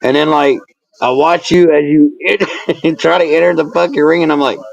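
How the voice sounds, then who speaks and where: Here the man's voice sits on the high side, creaky and without echo, delivered at a moderate pace through poor-quality audio. A wrestling manager and referee, he's a guest in a casual interview, swearing throughout as he rants animatedly and teases.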